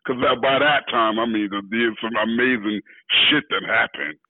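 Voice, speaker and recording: A rapper and entertainer, a man, telling animated stories as an interview guest and acting out the voices of others. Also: mid-range voice, normal speed, no echo. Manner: lively, acts out quoted voices, laughs while telling. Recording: tinny dry phone-like audio.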